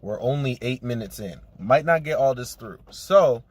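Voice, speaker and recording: A young man co-hosts a podcast, joking around and swearing casually as he talks straight to the viewers. His pitch sits in an ordinary middle range for a man. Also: lively intonation, moderate pace. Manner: joking, profane, addresses viewers. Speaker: podcast co-host. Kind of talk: casual chat.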